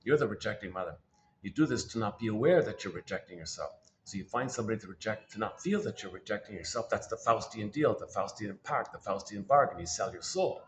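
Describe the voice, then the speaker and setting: A man's voice: on the low side, expressive, fast, a bit bright, slight background noise. A man giving a rambling spoken talk on psychoanalytic ideas, repeating himself, restarting phrases and correcting himself as he thinks aloud.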